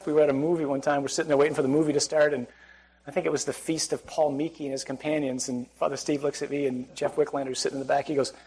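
A man's voice: a little high, level tone, very fast, a little mellow, slightly rough, low-quality recording. A man giving a Catholic sermon to a live audience, conversational and joking, often putting questions to the crowd. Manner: conversational, asks the crowd questions, humorous asides. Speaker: Catholic priest. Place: church or hall with audience.

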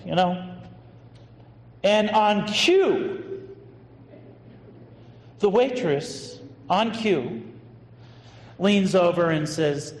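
An associate pastor, male, tells a story during his sermon in an easygoing, anecdotal style, dropping in casual fillers. He speaks very slowly with frequent pauses, his slightly high voice echoing at length through a large hall over faint background noise.

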